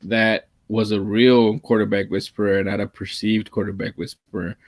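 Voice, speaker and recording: A low-voiced man talks football in a loose, rambling way, circling back and restarting his sentences. His delivery is fairly flat and monotone. The sound is dry and close, with no room echo. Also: normal speed. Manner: rambling, restarts often, calls himself monotone. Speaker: podcast co-host. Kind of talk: casual sports talk.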